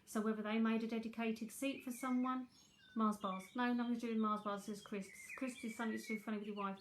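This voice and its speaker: A woman's voice: a little high, fairly even intonation, fast talker, a little hiss or hum. Chatty London woman giving psychic readings. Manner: chatty, repeats herself, reads out viewer comments. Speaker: psychic tarot reader. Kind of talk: live-streamed psychic reading.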